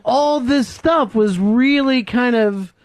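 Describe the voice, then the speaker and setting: A man hosting a radio talk show, telling a story in an animated way, swearing constantly and laughing through it, on a studio microphone. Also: extremely high pitch, slow, dry recording. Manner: profane, laughs through his own story.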